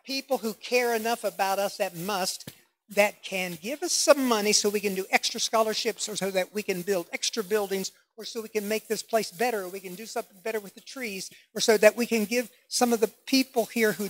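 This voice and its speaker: Guest lecturer, man, emphatic and lively, works the room with questions. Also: high-pitched, a little fast, a little hiss or hum. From United States. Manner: animated, emphatic, asks the audience questions. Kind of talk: public lecture.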